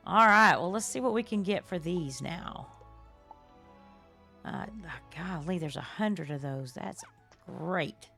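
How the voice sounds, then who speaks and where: A woman's voice: fairly low pitch, animated, slow, gravelly, pauses often, sharp tone, soft background music. Chatty older woman streaming a game. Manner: chatty, effusive, laughs often. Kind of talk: live-stream chat while playing.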